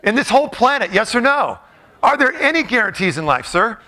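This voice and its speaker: A man's voice: very high-pitched, sing-song, fairly quick, pushed and bright. A middle-aged man giving a joking, playful motivational talk to a live audience, often putting questions to the crowd. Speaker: motivational speaker.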